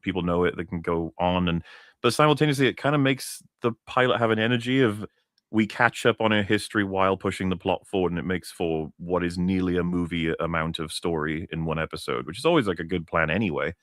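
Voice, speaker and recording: Deep-voiced man chatting. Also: quick pace, a bit bright, no echo, clean studio sound. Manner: enthusiastic, hesitant restarts, swearing. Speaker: co-host of a review stream. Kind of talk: casual chat.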